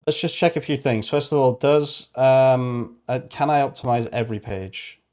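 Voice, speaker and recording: A man's voice: medium pitch, moderate pace, darkish tone. A man with a British accent livestreaming casually, thinking aloud and muttering as he works. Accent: British English. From Britain. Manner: muttering, rambling, self-correcting.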